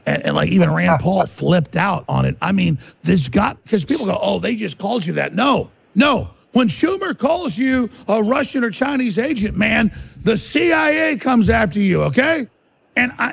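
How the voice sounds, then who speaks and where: Heated male podcast guest, gravelly and husky, swinging his pitch wildly, lo-fi sound. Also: lively intonation, moderate pace. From United States. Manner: angry, ranting, emphatic.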